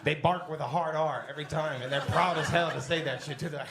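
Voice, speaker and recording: Amid heavy background noise and an echoey room, a stand-up comedian with a gravelly, fairly high voice does crowd work at an unhurried pace. He's animated, crude and brash, and laughter from the audience rises behind him.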